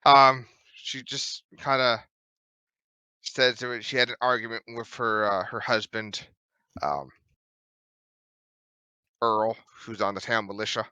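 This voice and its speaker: Male dungeon master, bright crisp voice, loose halting narration. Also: mid-range voice, fairly even intonation, no echo, low-quality recording. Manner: loose, hesitant narration with many fillers. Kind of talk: narrating a tabletop game.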